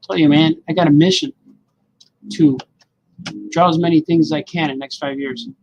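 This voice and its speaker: A man's voice: on the high side, fairly even intonation, moderate pace, a little mellow, dull audio, a little hiss or hum. A man rambling and joking to himself while drawing, calling everyone "man". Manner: talks to himself, musing and joking, says "man" often. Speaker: cartoonist drawing on camera.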